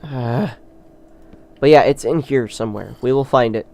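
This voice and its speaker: A man hosting a gaming channel who rambles through a let's play with excitable, self-deprecating commentary. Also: medium pitch, normal speed, gravelly.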